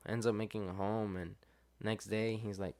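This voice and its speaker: A young adult man guesting on a podcast relates a story in easygoing chat, with frequent fillers and lively acted-out quotes. He has a lowish voice and a moderate pace.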